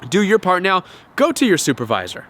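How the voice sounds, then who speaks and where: A man hosting a self-help talk to camera, animated, often acting out quoted voices and repeating words. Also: high voice, a little fast. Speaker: self-help video host.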